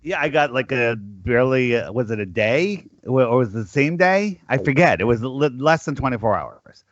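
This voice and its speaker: Measured male podcast guest. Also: mid-range voice, animated, dull audio. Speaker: guest caller. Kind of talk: casual call-in chat.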